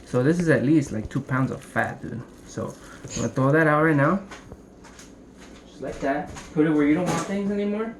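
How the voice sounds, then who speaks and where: A young man casually showing how to prep a brisket at home, rambling and cracking jokes as he works. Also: fairly high pitch. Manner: joking, rambling, swears casually. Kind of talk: casual cooking demonstration. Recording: noisy room ambience.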